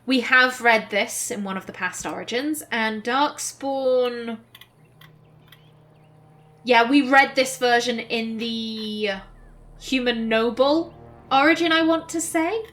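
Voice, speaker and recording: Slow, musing woman gaming host. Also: a little high, fairly bright tone. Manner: slow, musing, reads dialogue aloud. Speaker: let's play host. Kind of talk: gameplay commentary.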